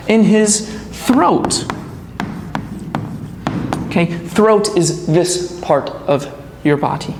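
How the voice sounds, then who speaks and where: A woman teaching English to young learners, telling a story slowly and explaining each word as she goes. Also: on the low side. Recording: echoey hall with faint ambient noise.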